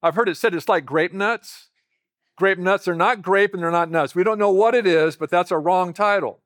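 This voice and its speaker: A man's voice: sits high, normal speed, a bit bright. A man preaching a sermon, teaching in a conversational way and putting rhetorical questions to the congregation. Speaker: pastor.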